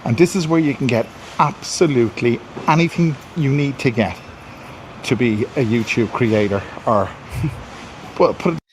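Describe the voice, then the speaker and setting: A man's voice: medium pitch, moderate pace, a little hiss or hum. A man vlogging into a handheld camera outdoors and in his car, rambling, repeating himself and sounding pleased with himself. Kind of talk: walking vlog monologue. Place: outdoors in a city street and car.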